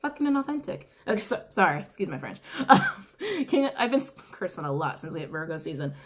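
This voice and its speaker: A woman at a middle pitch for her sex gives a loose, conversational tarot reading. She speaks casually and bluntly, swears without hesitation, and keeps repeating her questions to the cards as she draws. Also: sing-song, brisk. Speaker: tarot reader.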